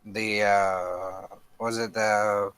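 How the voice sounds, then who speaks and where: A man playing a tabletop role-playing game, talking in a slow, unhurried way. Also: on the low side, little pitch movement, a bit bright, clear, resonant tone, dry recording, soft background music. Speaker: player. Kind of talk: tabletop role-play chat.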